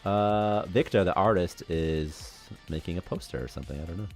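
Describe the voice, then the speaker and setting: A man's voice: low voice, normal speed, creaky, darkish tone, soft background music. A young man hosting a casual game development livestream, rambling and chatty and laughing often. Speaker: programmer and stream host.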